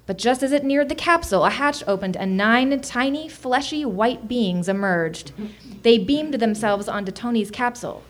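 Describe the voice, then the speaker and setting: A woman comedian reading an absurd comic story aloud with deadpan delivery in a small comedy showroom. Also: on the high side, moderate pace. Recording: noisy live venue recording.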